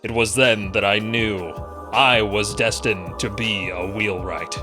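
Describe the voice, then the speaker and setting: A man's voice: fairly low pitch, steady tone, over music. A man doing a pompous wheelwright monologue. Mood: solemn. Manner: slow, solemn and overdramatic. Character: grandiose male wheelwright delivering an overdramatic monologue.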